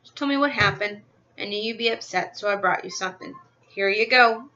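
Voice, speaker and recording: A woman reading a storybook aloud and voicing a kind mother who calmly comforts her daughter. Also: mid-range voice, a little fast, dull audio, lightly acted. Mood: gentle. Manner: soft, reassuring. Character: calm, kind mother of a young girl.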